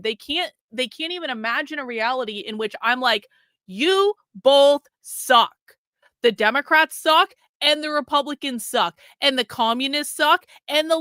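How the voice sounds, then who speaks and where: Woman streamer, bright, dry close sound, blunt and profane commentary. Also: a little high, dry recording. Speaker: livestream host. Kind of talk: casual livestream commentary.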